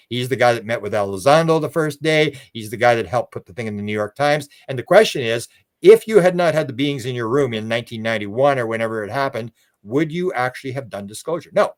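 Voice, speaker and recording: A man's voice: medium pitch, animated, quick pace. Older man telling rambling stories. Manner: rambling, repeats words, acts out quoted voices. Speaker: guest, UFO researcher. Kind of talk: casual storytelling interview.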